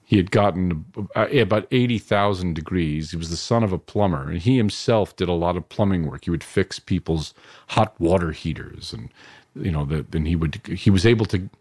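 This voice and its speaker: A man's voice: low voice, normal speed, a little mellow, slightly rough, no room sound, clean studio sound. A middle-aged man from New York, a filmmaker reflecting at length in an interview, digressive with frequent restarts and asides. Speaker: filmmaker guest.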